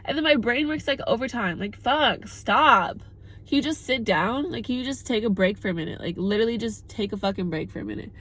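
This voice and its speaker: A woman's voice: fairly high pitch, expressive, fairly quick, fairly bright tone. Candid young woman vlogging. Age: 20s. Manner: candid, emphatic, swearing, many "like" fillers. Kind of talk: casual girl-talk monologue to camera.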